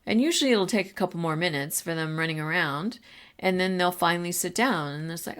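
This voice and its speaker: A woman's voice: on the low side, expressive, a little fast, fairly bright tone. A woman hosting a podcast, talking casually and directly to fellow teachers with practical classroom advice. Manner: conversational, addresses listeners directly.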